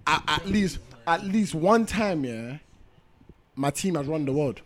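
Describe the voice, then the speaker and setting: Excitable high-voiced young man. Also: a little slow. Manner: excitable, swears, slangy, cuts in often. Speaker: podcast co-host. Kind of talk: casual football podcast banter.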